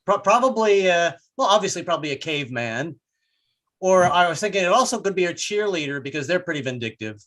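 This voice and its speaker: Brief: older male stand-up comic, bright tense tone, slightly high voice, rambling self-mocking delivery. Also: expressive, brisk. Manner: rambling, self-deprecating, many restarts. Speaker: stand-up comedian. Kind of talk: stand-up comedy set.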